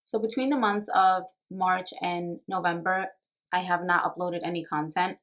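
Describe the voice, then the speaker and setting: A woman's voice: on the low side, steady tone, normal speed, highs cut off. A young woman who works as a makeup artist and beauty vlogger, talking to the camera in an earnest, reflective way, a little nervous and emotional. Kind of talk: casual talk to camera.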